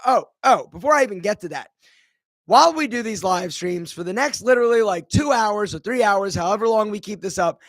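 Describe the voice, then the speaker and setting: A man with a high, bright voice hosts a casual live question-and-answer stream. He chats and rambles, calling out viewers by name. The sound is dry and close to the mic. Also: no room sound. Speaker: live stream host, brand founder.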